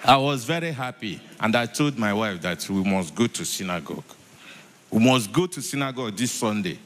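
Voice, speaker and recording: A man giving a church testimony, halting, repeating himself and filling with many hesitations. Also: lowish voice, expressive, some chatter behind, a little hiss or hum. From Nigeria. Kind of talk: spoken testimony. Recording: echoey church hall.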